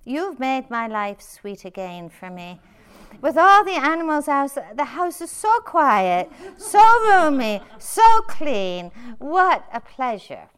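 A woman's voice: mid-range voice, moderate pace, clear, resonant tone, natural voice. A woman reading as a desperate poor man. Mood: overjoyed. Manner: pleading, wailing. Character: poor desperate older man, frantic and complaining.

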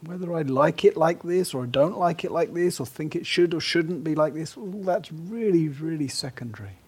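A man giving a gentle, unhurried meditation talk at a retreat, now and then dropping to a soft whisper. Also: on the high side, slightly rough. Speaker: meditation teacher.

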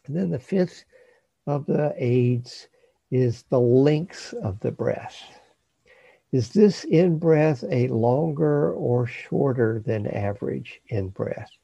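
A man teaching meditation, giving slow, calm instruction with long pauses. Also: medium pitch, creaky, breathy edge, no room sound.

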